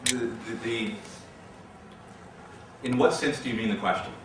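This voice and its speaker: Man lecturing in a big echoey hall, bright and somewhat low, miked from afar, faint hiss; measured, stumbling restarts. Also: distant mic. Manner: measured, repeats words when starting sentences. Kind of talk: lecture answering audience questions.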